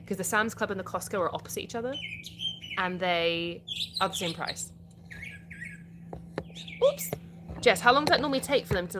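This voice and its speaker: A British woman from the UK hosts a casual livestream, reading viewer comments aloud and answering them chattily. Her voice is fairly low, with background noise present.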